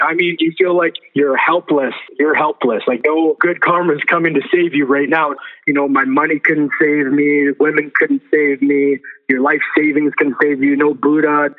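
Earnest man on a tinny line. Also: fairly high pitch. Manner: earnest, repeats phrases for emphasis. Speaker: guest. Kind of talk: testimony in an interview.

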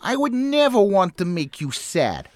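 A woman's voice: medium pitch, big pitch swings, darkish tone, no room sound. A woman voicing a hesitant young boy scout in a radio comedy sketch. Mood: timid. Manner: hesitant, halting. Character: timid boy scout godson.

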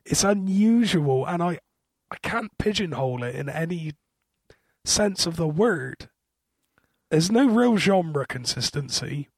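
A husky man chatting casually as a podcast co-host, hesitant and wry. His voice is gravelly and sits a little high. The recording is close and dry. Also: animated, measured pace, dry recording. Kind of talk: casual chat.

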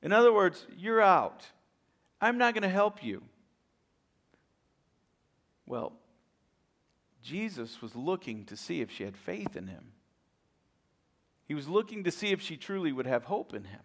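A man preaching a sermon as a pastor, telling a story with animated, acted-out voices and repeated words when excited. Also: on the high side, moderate pace, pauses often.

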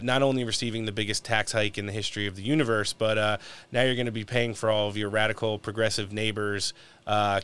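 A man's voice: on the low side, a bit bright, smooth. A man hosting a podcast, casually asking long leading questions and chatting, with plenty of fillers. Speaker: podcast host. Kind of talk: casual political chat.

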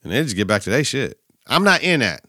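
A young man hosts his own podcast solo, chatting about sports and coaching in a loose, slangy, profane way. His voice is bright and forceful. The sound is close and dry, with no room around it. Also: mid-range voice, a little fast, no echo. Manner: profane, slangy, animated riffing. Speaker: podcast host, teacher and coach.

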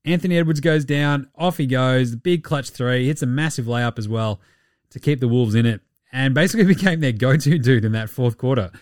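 A man with a mid-pitched voice runs a casual basketball recap from a dry, close-miked spot. He is irreverent and sweary, and he keeps the chat rolling with cheeky asides. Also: a little fast, darkish tone, dry recording. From Australia. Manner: irreverent, sweary, does mocking voices of players. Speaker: podcast host.

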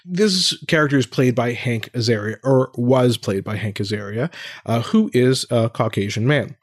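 A man's voice: mid-range voice, moderate pace, dry recording, studio quality. A middle-aged man co-hosting a casual discussion, asking questions thoughtfully and restarting his sentences often. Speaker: podcast co-host.

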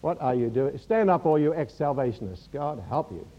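A man preaching a sermon, animated and joking with the congregation. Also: mid-range voice, normal speed, lo-fi sound. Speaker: pastor.

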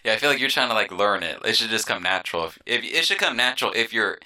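Young male co-host, low but very bright voice, teasing. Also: animated, fast. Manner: laughs often, teasing. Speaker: podcast co-host. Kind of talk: casual podcast banter.

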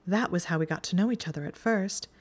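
A prim, bookish young witch who explains things briskly and matter-of-factly, as a woman reading a storybook puts her on. The voice sits a little above the reader's own low tone. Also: close to an everyday voice.

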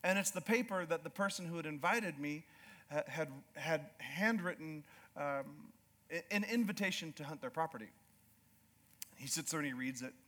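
High-voiced Alaskan pastor telling a story. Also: male voice. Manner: animated storyteller, acts out slow drawling voices. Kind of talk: sermon with personal story.

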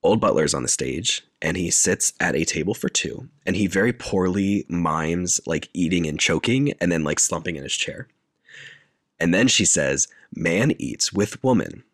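A man's voice: low voice, expressive, normal speed, fairly bright tone, no room sound, studio quality. A man casually retelling a film's scenes in detail on a podcast, talking in a loose, filler-heavy way. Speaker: podcast co-host recapping a film. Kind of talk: casual chat.

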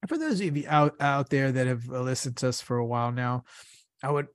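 A man's voice: mid-range voice, brisk, no room sound. Laughing, cursing podcast guy. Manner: profane, laughing, rambling. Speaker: podcast co-host. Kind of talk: casual chat.

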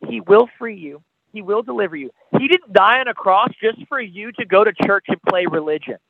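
A man's voice: high-pitched, expressive, a little fast, vocal fry, husky. A man, an evangelist, preaching with impassioned, pleading, repetitive calls on a podcast. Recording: tinny phone-line sound, dry.

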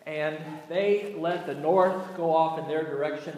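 Southern US male pastor, unhurried sermon, slightly high voice, heard from afar in a reverberant church hall. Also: steady tone, darkish tone, a little hiss or hum. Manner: slow, deliberate delivery with folksy asides. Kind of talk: sermon and scripture reading. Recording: echoey church hall, mic at a distance.

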